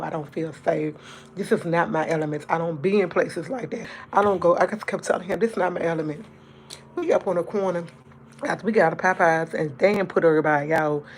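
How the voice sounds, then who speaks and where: Livestream host, woman, slightly low voice, casual storyteller who talks fast and wanders off track. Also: slight background noise. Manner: fast, rambling talk that jumps around; chatty and animated when retelling events. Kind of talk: casual storytelling to a live audience.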